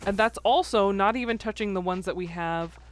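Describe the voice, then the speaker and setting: A woman's voice: mid-range voice, fairly quick. A woman streamer giving chatty, playful commentary while playing a farming game, humming and singing little tunes to herself, at a desk mic. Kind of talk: let's play commentary.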